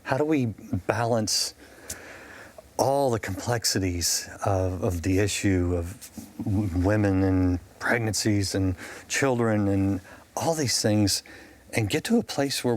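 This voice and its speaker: A man's voice: on the low side, takes it slowly. A man hosting a talk show, asking a thoughtful question and repeating words as he searches for them. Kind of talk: interview questions.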